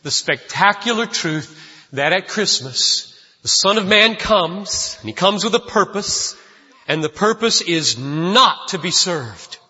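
A man's voice: sits high, animated, slow pace, sharp tone, breathy edge. A man preaching a sermon as pastor, emphatic and repeating his key phrases, recorded in a church. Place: church sanctuary. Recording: dull lo-fi sound with long hall reverb.

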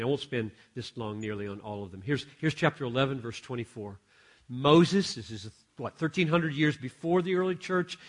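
A man preaching a sermon, swinging from hushed asides to loud, emphatic exclamations. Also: medium pitch, breathy edge.

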